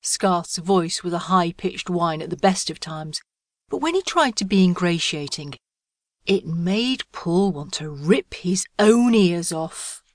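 A woman reads a comic fantasy audiobook in a wry, storytelling voice. Her pitch sits a little low and the sound is dry and close to the mic. The telling is steady and amused. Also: slow pace, dry recording. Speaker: audiobook narrator. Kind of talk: scripted audiobook narration.

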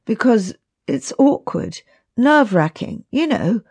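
A woman narrator voicing a man's dialogue, hesitant and quiet as he confides something awkward. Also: on the high side, very animated, slow pace, slightly rough, dry recording, voice pushed up, heavily acted. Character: shy, awkward confident man confessing.

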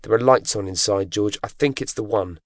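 A man voicing an impatient young female coastguard officer, shrill and urgent as she shouts. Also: normal speed, no echo, clean studio sound, lightly acted. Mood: exasperated.

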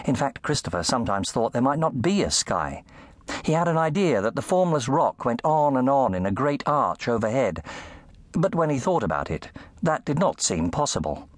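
A man narrating a children's fantasy audiobook in an animated storytelling manner. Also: dry recording. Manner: animated storytelling, shifting pitch for effect. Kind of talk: scripted narration. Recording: dry close studio sound.

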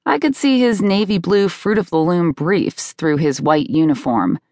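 A woman's voice: on the low side, animated, moderate pace, mellow, no echo. A woman narrating a memoir audiobook in a wry first-person reading. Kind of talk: scripted narration. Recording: dry close studio sound.

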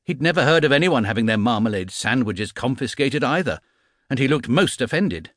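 A man reading a children's storybook aloud as an expressive audiobook narrator. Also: mid-range voice, brisk, dry recording, clean studio sound.

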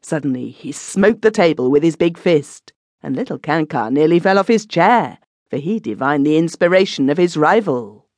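A woman's voice: sits low, animated, normal speed, darkish tone, dry recording. Woman narrating a classic story. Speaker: audiobook narrator. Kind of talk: scripted narration.

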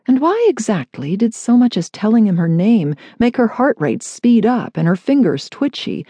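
A woman reading a romance audiobook in an expressive, wry storytelling manner, close to a studio mic. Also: on the high side, normal speed, few pauses, breathy edge, no room sound. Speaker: audiobook narrator. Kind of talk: audiobook narration of a romance novel.

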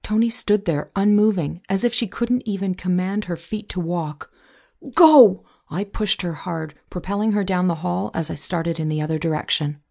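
A woman reading a novel aloud in measured, scripted first-person narration. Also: fairly low pitch, creaky, warm tone. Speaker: audiobook narrator.

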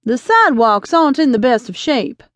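A woman reading an audiobook, voicing a kindly, cautious older male shopkeeper in a gentle, fatherly way. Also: high voice, very animated, normal speed, no room sound.

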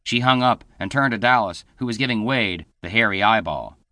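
A man narrating an audiobook in a steady scripted read, shifting into voices for the dialogue. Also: lowish voice, fairly quick, no echo, clean studio sound.

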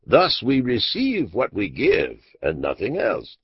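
A man's voice: lowish voice, huge pitch swings, takes it slowly, slight background noise, heavily acted. Man playing a grave, preaching moralist. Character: stern, solemn older backwoods moralist, Abner. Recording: dull lo-fi audiobook recording.

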